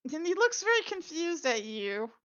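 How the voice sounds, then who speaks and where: A woman's voice: very high voice, sing-song, moderate pace, a bit bright, muffled recording. A woman narrating as the game master of a tabletop game, describing what characters do.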